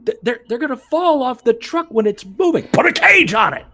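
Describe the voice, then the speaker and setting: A man acting out a frantic, overeager male wrestling booker who pitches ideas in a shrill, rapid, manic rush. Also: very animated, vocal fry, pushed and bright, husky, heavily acted.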